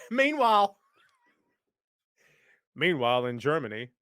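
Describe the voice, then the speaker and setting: A man's voice: fairly high pitch, sing-song, slow pace, fairly bright tone, no echo, studio quality. A man hosting a casual live-stream talk show, his voice worn out, rambling and joking straight to viewers. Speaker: podcast host. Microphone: webcam setup.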